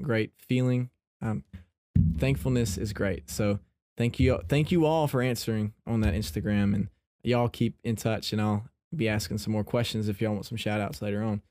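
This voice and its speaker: A man's voice: fairly low pitch, dark tone, no echo, studio quality. A man hosting a casual faith-based podcast, chatty and playfully teasing his listeners. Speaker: podcast host.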